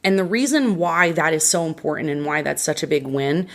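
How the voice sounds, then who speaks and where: A woman's voice: low voice, expressive, fairly quick. A woman from Vermont, a podcast guest, telling her personal story in an earnest, emotional and frank way.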